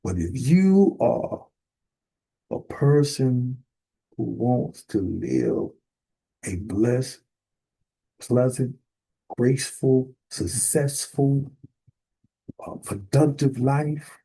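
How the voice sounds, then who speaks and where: A man ministering in a sermon, emphatic and building to sudden forceful bursts. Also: mid-range voice, expressive, very slow, creaky, pauses often, husky, rough recording. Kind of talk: preaching sermon.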